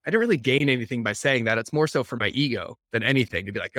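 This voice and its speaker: A man hosting a podcast, chatting loosely and replaying little exchanges in a lively storytelling manner. His voice is bright and forward. The sound is close and dry, with no room around it. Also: medium pitch, racing, hardly any pauses, dry recording. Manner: rambling, retells dialogue with lots of "I was like". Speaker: podcast host. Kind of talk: conversational podcast interview.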